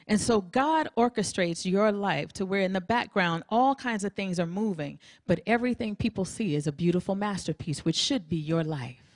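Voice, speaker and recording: A woman preacher giving a sermon in a lively, humorous way, acting out little dialogues. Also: medium pitch, no room sound, studio quality. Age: adult with a grown daughter. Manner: animated, humorous, acts out dialogues.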